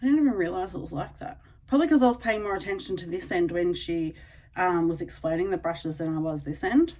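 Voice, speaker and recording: A woman with an Australian accent chatting casually to camera as a beauty vlogger, excitable and full of ums and likes. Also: on the low side, a little fast. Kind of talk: casual unboxing chat to camera.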